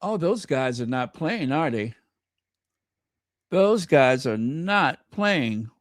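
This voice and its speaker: This royal news commentator has a fairly high voice with big pitch swings and a slow pace. His casual video commentary is chatty and gushing, spoken straight to viewers and full of fillers and self-corrections, recorded at studio quality with no echo.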